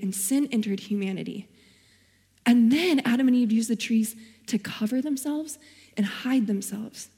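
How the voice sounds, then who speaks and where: A woman's voice: fairly high pitch, dark tone, big-room sound. A young woman giving a sermon as a guest speaker, telling her own story earnestly and quoting scripture. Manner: earnest, personal storytelling with Bible quotes.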